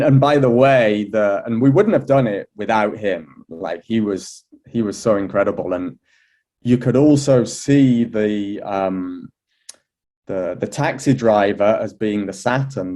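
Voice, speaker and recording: A man, an astrology teacher, telling a personal story in a relaxed, chatty way, with many fillers, restarts and an occasional laugh. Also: lowish voice, unhurried. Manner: laughs now and then. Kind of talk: relaxed anecdotal talk.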